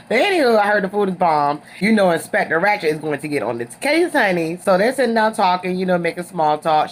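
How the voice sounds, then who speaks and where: A young woman with a somewhat low-pitched voice gives a sassy, gossipy recap of a reality show. She talks in a chatty, casual way and keeps tossing in "honey" and "okay?". A faint hiss of noise sits behind her voice. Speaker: reality TV reviewer.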